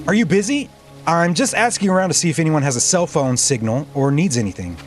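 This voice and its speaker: A man's voice: a little high, expressive, a little fast, faint music behind. Playful man streaming a game. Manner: playful, jokey. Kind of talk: live game playthrough, reading dialogue aloud.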